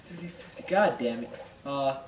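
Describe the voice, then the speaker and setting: Swearing jokey gamer chatting over a game, lively pitch, echoey and kinda far from the mic. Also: normal speed. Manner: profane, joking. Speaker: gamer playing a video game. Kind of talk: casual let's-play chat. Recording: roomy distant mic with hiss.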